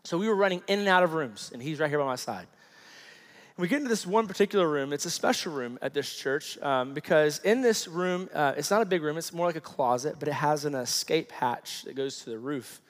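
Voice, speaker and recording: An animated man in his thirties delivers a storytelling sermon in a slightly high voice. He acts out the people in his story. His voice rings with a long reverb, as in a large hall. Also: a little fast. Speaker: pastor.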